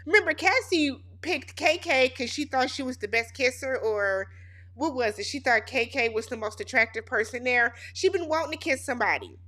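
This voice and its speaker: Sassy, slightly high-voiced woman recapping TV. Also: pushed and bright. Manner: sassy, blunt, gossipy. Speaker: reality TV recap host. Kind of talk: casual TV recap commentary.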